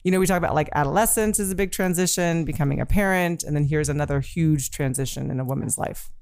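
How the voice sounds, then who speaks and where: Smooth-voiced woman doctor explaining calmly. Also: deep voice, fast, no echo. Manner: calm, explanatory, steady. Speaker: gynecologist guest. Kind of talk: conversational medical explanation.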